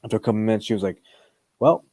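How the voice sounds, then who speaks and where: Very deep-voiced rambling podcast host. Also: male voice, little pitch movement, rapid-fire, mellow, dry recording. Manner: rambling and loose, full of fillers and restarts. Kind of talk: casual podcast chat.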